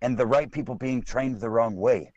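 A man's voice: mid-range voice, normal speed, darkish tone, no room sound, muffled recording. A man co-hosting a casual political podcast, blunt and profane, often restarting his sentences. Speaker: podcast co-host.

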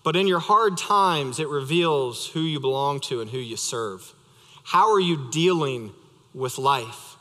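Young male pastor, high and bright, a relaxed storyteller with easy humor, heard through long church reverb. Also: a little slow. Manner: conversational, storytelling with light humor. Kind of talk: sermon. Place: church sanctuary.

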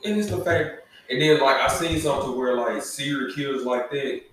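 A man co-hosting a podcast in casual chat, talking in an excitable, profane, emphatic way. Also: medium pitch, moderate pace, slight background noise. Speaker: podcast co-host. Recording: echoey room, distant mic.

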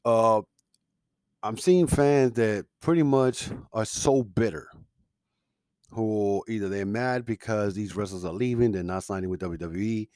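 A man's voice: on the low side, unhurried, a little mellow, no echo. A man hosting a casual podcast, ranting in a heated, opinionated way with frequent fillers and restarts. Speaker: podcast host.

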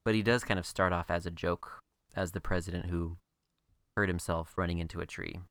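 Low-voiced man with a smooth, dry sound. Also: steady tone, brisk, fairly bright tone, no room sound. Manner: chatty and wry. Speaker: podcast co-host. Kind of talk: casual TV recap chat.

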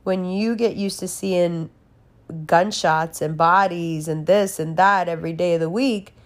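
A woman's voice: lowish voice, fairly even intonation, unhurried. A young woman talking candidly in a casual monologue, swearing freely and laughing as she tells a personal story.

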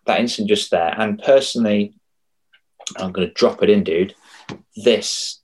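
A man, a confidence coach talking as a podcast guest, telling stories emotionally with many restarts and quick shifts. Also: lowish voice, slightly rough. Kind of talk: casual podcast interview.

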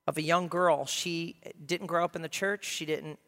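A male pastor preaching a sermon, passionate and swinging from quiet to loud. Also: on the high side, fairly even intonation, moderate pace, long reverb tail. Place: church sanctuary.

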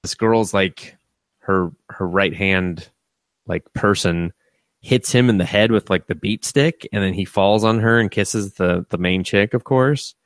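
Low-voiced man for casual podcast banter: profane, laughing, retells scenes with put-on quotes, dry close mic. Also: a little slow, dry recording. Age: adult with a young son. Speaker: podcast co-host. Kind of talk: casual anime review chat.

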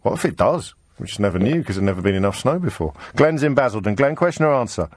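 A man hosting a live call-in radio show, brisk and teasing with his callers. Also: fairly low pitch, animated, dry recording, studio quality. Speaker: radio phone-in host.

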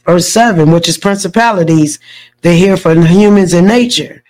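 A woman's voice: fairly low pitch, normal speed, a little mellow. A woman hosting a faith podcast, talking in an emphatic, preachy way and repeating words as she builds a point. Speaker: podcast host. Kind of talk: faith discussion.

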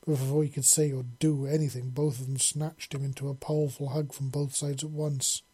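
A man narrating a story chapter in a steady, earnest reading voice. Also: mid-range voice, brisk, breathy edge. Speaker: audiobook narrator.

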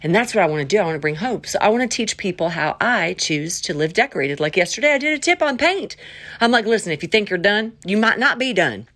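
A middle-aged woman rambles through her faith vlog, playful and easily sidetracked. Her pitch jumps around a lot, and she sometimes drops to a whisper. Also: expressive, quick pace, fairly bright tone. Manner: scattered and playful, slipping into silly voices and whispers. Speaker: vlogger.

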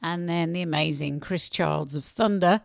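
A woman with a Black Country accent talks about her music in a casual, cheeky way. There is a gravelly fry running through her voice. The sound is close and dry. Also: fairly low pitch, normal speed, dry recording. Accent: Black Country English. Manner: chatty, cheeky, self-deprecating. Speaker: musician guest. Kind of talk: casual radio interview.

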